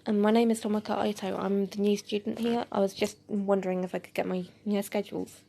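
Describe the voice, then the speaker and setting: A woman's voice: medium pitch, level tone, fast talker, gravelly, mellow. A woman voicing a polite, hesitant teenage exchange student who apologizes a lot. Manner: apologetic and unsure.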